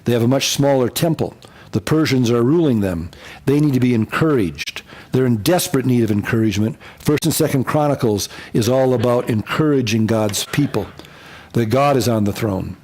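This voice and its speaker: A pastor teaching a Bible survey class, lively and repeating key points, sometimes acting out quotes in funny voices. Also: male voice, mid-range voice, moderate pace. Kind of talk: lecture.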